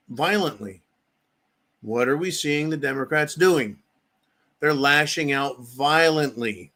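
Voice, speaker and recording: A man's voice: on the high side, fairly bright tone. A middle-aged man hosting a political commentary show, ranting angrily with profanity and sarcastic mock quotes.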